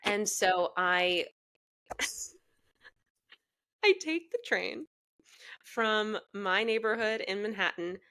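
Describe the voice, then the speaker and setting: A young adult woman co-hosting a podcast, telling a personal story in a frank, animated way, swearing freely and laughing as she goes. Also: mid-range voice, slow, pauses often. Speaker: podcast co-host. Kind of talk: casual storytelling chat.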